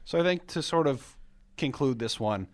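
A young man co-hosting a casual podcast, relaxed and steering the talk along. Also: medium pitch, moderate pace. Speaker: podcast co-host. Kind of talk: casual chat.

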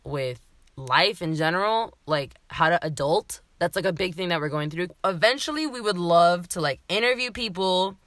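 Lively, bright-voiced woman podcaster. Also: on the low side, dry recording. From Miami, Florida. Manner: fast, swearing, laughing often. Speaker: podcast co-host. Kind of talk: casual chat.

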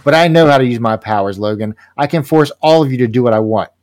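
A man's voice: mid-range voice, quick pace, darkish tone, lightly acted. A man voicing a furious, unstable young woman villain with earth powers, as he reads a comic aloud. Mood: ranting.

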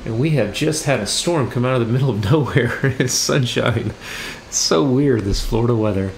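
A man leads an evening sermon, reading long scripture passages and then explaining them. His voice sits at an ordinary pitch, and his delivery is measured with small halting restarts. A faint ambient hum is heard behind him. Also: vocal fry. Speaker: pastor.

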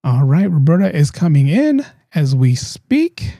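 A man's voice: fairly high pitch, big pitch swings, a little slow, vocal fry, mellow, dry recording. Male podcast host, chatty and friendly-sounding, dry close mic. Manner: upbeat, chatty, repeats himself. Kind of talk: live video interview.

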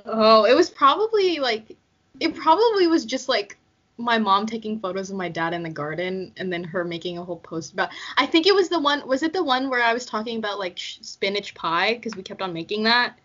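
A woman's voice: on the high side, lively intonation, a little fast, a bit bright. A young woman chatting casually on a podcast, giggly and full of fillers. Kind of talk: casual chat. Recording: dull lo-fi sound.

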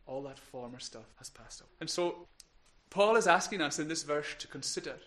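Earnest preacher, slightly high voice. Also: male voice. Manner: earnest, pleading, swings between soft and emphatic. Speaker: pastor. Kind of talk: sermon. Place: church.

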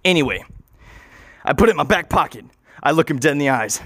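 A man improvising an absurd story in a rambling, excitable way, swearing and acting out the scenes. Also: a little high, moderate pace, no room sound.

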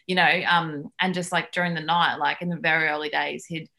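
A woman's voice: sits low, a little fast, creaky, background noise. A woman, a nutritionist chatting as a podcast guest and telling stories with lots of fillers. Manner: chatty, lively storytelling with many fillers. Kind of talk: casual chat.

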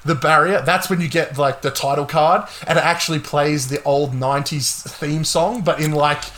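A young man hosting a casual gaming podcast, talking excitedly and swearing a lot. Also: a little high, normal speed. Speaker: podcast host.

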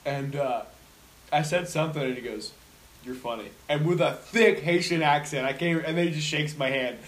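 A young man in casual chat with a friend, laid-back, laughing often and trailing off into quiet asides. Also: fairly high pitch, moderate pace.

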